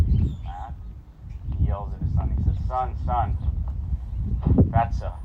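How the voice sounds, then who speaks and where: A man teaching horse training outdoors on horseback, talking in an easygoing, folksy way and telling stories as he works. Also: mid-range voice. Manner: folksy, easygoing, tells joke stories while working. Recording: tinny lo-fi outdoor recording, loud noise.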